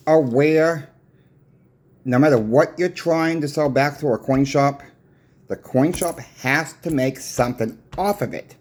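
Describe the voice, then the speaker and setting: A man's voice: mid-range voice, darkish tone. A man who runs a coin shop, casually retelling an argument with a customer in a folksy, plain-spoken way, full of repeated "I said" tags. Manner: retells a dispute with many "I said" and "I says" tags. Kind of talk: casual storytelling vlog.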